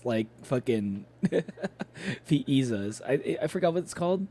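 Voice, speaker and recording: A man's voice: mid-range voice, expressive, slow, dark tone, breathy edge. A young man chatting casually with his live-stream chat, loose and swearing, with plenty of fillers.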